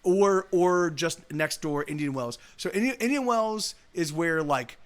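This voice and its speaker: A man's voice: fairly high pitch, lively intonation, measured pace. A man hosting a live music stream, chatting casually and rambling with many restarts and laughs. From Southern California. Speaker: streamer host.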